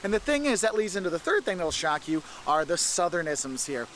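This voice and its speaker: A man's voice: sits high, very animated, a little fast, fairly bright tone, slight background noise. A man presenting an informal explainer video, talking in a friendly, emphatic and enthusiastic way.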